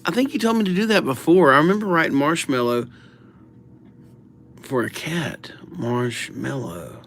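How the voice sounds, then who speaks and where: A man's voice: on the high side, lively intonation, creaky, a bit bright, a little hiss or hum. A man hosting a live stream, chatting casually and reading viewers' names aloud, his voice drifting from the mic as he writes. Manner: slow, mumbled, drifting in and out of the mic while writing; easygoing, jokey, reads viewer names aloud. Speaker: livestream calligraphy host.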